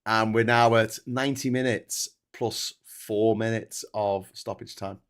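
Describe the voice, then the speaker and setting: A man hosting a casual live stream, chatty and prone to loud excited bursts. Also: on the low side, a little slow, smooth. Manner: energetic, loud bursts when hyping super chats. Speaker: livestream host.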